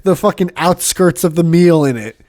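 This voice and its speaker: A man's voice: a little high, normal speed, no echo, studio quality. A man hosting a podcast in casual chat, ranting with lots of swearing and laughter. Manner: profane, animated ranting with frequent laughs. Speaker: podcast host.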